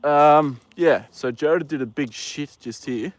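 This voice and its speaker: A man with an Australian accent, livestreaming from a paddock on his phone, chatting casually with viewers and talking gently to the horses. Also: fairly high pitch, unhurried, no echo. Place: outdoor paddock.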